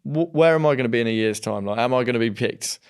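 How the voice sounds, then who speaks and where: A young man chats casually as a podcast co-host. His voice is smooth and resonant, pitched in an ordinary middle range. He tells stories with plenty of restarts and asides. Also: fast. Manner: chatty storyteller, lots of restarts. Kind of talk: casual conversation.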